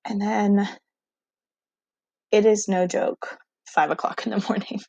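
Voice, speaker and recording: Young woman, teacher, casual storytelling, excitable, dry close sound. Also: mid-range voice, slow, gravelly, pauses often, no room sound. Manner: animated, excitable, full of "like".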